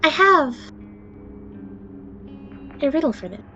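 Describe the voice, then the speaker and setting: A playful male court jester who dodges questions with riddles and cheeky answers, as a woman game master puts him on. He is sly and unhurried, his voice lifting into a teasing tone. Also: extremely high pitch, very animated, sharp tone, highs cut off, soft background music, voice pushed up, heavily acted. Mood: coy. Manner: coy, riddling.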